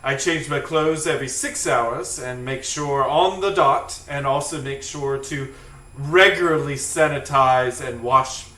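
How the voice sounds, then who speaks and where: Give me a man playing a proper, tea-sipping cell gentleman, crisp and bright, recorded in a roomy space. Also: medium pitch, measured pace. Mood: politely nervous. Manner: formal, polite, stammering reassurances. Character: prim, proper male immune cell who sips tea. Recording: echoey, distant mic.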